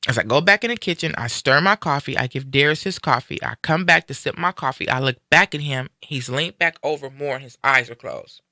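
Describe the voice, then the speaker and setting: A man in a casual live-stream conversation, retelling a personal story in an animated way and acting out what people said. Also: mid-range voice, a little fast, few pauses, dry recording, clean studio sound. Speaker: guest sharing a personal story.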